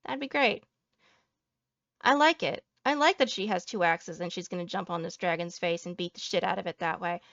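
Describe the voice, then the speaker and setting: A woman's voice: fairly low pitch, normal speed, vocal fry, fairly bright tone, no echo, lo-fi sound. A woman VTuber giving a salty, profane reaction commentary, ranting and joking at her viewers. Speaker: VTuber streamer.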